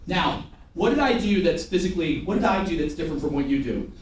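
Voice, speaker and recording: A man's voice: on the high side, animated, fast, slight background noise. A man leading a live sales training seminar, drilling an audience in call-and-response and teasing them with jokes. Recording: very echoey room, mic at a distance.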